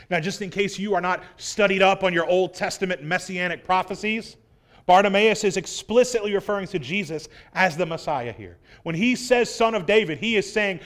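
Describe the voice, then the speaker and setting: Male preacher with a high voice, dramatic sermon reading. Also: a little fast. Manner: dramatic scripture reading, swelling loud then dropping soft. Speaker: pastor.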